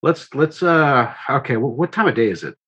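Husky-bright wry male player. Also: medium pitch, lively intonation, normal speed, dull audio. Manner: wry, stammering. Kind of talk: casual tabletop game play.

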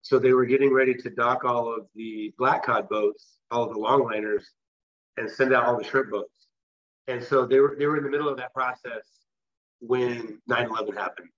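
A man's voice: medium pitch, fairly even intonation, normal speed, a bit bright, dull audio. A man from the West Coast of the US, a guest telling a long personal story in a casual, rambling way with restarts. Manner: rambling, with restarts and filler phrases. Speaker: interview guest.

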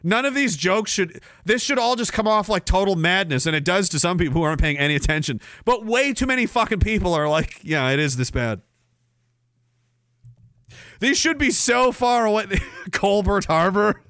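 A man's voice: sits high, animated, a little fast, a bit bright, dry recording, studio quality. A man from Canada hosting a livestream, ranting in a crude, sarcastic, rambling way with lots of restarts. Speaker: livestream host. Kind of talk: casual ranting livestream monologue.

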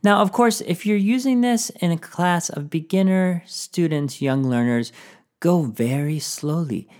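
A man's voice: high-pitched, moderate pace, a little mellow, clean tone. A man hosting a teaching podcast, giving encouraging classroom tips and often singing short phrases.

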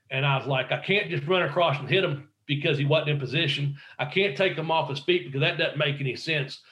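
A man's voice: fairly high pitch, a bit bright, roomy sound, lo-fi sound. A man, a former pro wrestler, telling rambling, profane anecdotes in a casual interview and acting out quotes.

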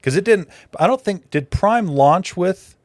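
A man co-hosting a tech podcast in casual chat, relaxed and steering the topic. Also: high voice, unhurried, dry recording, studio quality. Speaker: podcast co-host.

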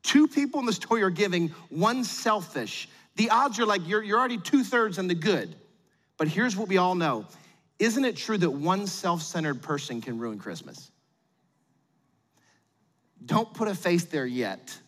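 A middle-aged man preaching a sermon as pastor, animated and acting out quotes in little voices. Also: high voice, normal speed, long reverb tail.

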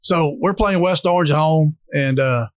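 A football coach telling rambling, self-mocking anecdotes in casual chat. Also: male voice, on the high side, moderate pace, no room sound.

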